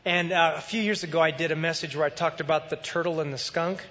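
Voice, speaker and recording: A man preaching a sermon as pastor, in a conversational, animated way. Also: a little high, quick pace, in a large hall, lo-fi sound.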